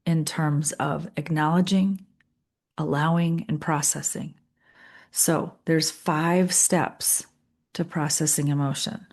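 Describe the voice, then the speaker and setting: A middle-aged woman leading a guided coaching session, calm and earnest, repeating phrases with pauses. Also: low voice. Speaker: leadership coach.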